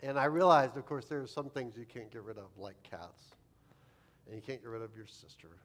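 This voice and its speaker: A man's voice: mid-range voice, moderate pace, a bit bright. A man preaching as a pastor, telling a humorous, self-deprecating childhood story in a sermon.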